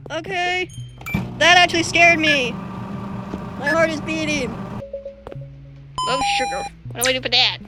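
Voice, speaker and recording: A young woman commenting as she plays a video game, excitable and panicky and full of nervous filler sounds. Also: high voice, a little slow, pauses often. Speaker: gamer playing a video game. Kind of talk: gameplay commentary. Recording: game music playing clearly behind.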